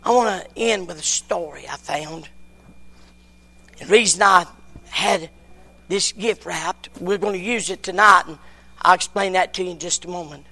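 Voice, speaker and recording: A man delivers a sermon in a strikingly high, bright voice. He tells a story with restarts and folksy phrasing. He drops to hushed passages, then climbs to near-shouted appeals. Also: moderate pace, long pauses. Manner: swings from hushed to near-shouting, repeats words, folksy grammar. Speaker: pastor.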